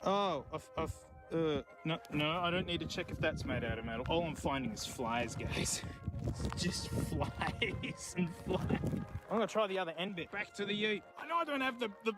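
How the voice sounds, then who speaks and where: A man's voice: fairly high pitch, big pitch swings, fairly quick, loud music behind the voice. An Australian man chatting casually outdoors in remote bushland, joking and talking to the things he finds as he goes. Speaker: streamer. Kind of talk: casual vlog chat.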